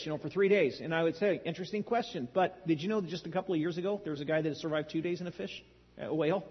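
A man's voice: a little high, fast, slightly rough. A middle-aged man preaching a sermon, telling stories in a conversational way with dry humor. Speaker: pastor. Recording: dull lo-fi sound in a large hall.

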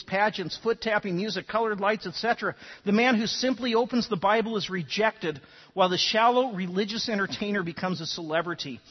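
A man's voice: high-pitched, slightly rough, big-room sound, highs cut off. A man preaching a sermon, telling stories and often repeating words as he starts sentences. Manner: animated storytelling, repeats words when starting. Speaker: pastor.

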